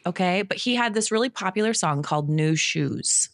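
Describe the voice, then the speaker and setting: Lively podcast lady, lowish voice, dry close mic, chatty and excited. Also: moderate pace, dry recording. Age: about 40. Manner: chatty, enthusiastic, laughs often. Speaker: podcast co-host. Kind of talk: casual chat.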